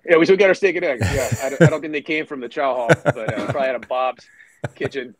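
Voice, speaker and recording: Blunt, animated middle-aged male storyteller. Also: mid-range voice, quick pace, crowd noise, rough recording. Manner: animated storyteller who acts out others' lines, many fillers and restarts; blunt, swears casually. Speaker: podcast guest, retired Marine officer. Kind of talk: storytelling interview.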